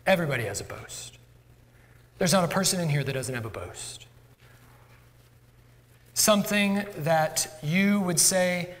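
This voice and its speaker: High-voiced male pastor preaching. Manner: conversational, self-deprecating preaching. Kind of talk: sermon. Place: church sanctuary. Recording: long church hall reverb.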